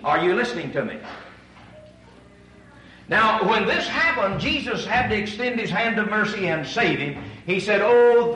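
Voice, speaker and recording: A man preaching a sermon, animated, asking his audience rhetorical questions. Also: high-pitched, recorded from a distance. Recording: echoey room, voice from away from the mic.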